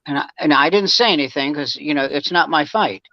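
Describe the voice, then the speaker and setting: A man's voice: on the high side, brisk, no echo, dull audio. A man, a guest comedian, telling rambling anecdotes in casual chat, with frequent restarts and acted-out quotes.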